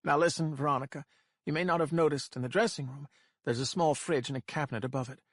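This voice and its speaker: Audiobook villain: male reader as a calm, controlling kidnapper, condescending, slightly raised pitch. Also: fast, no echo, studio quality, close to an everyday voice. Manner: cold, patronizing, squawking.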